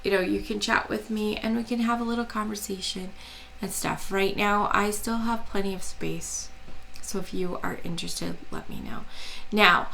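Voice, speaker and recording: An American woman hosting a crafting channel, chatting casually and hesitantly to camera in a soft, quiet voice with a gravelly edge and frequent ums. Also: mid-range voice, slight background noise, rough recording. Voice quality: gravelly, slow and soft-spoken.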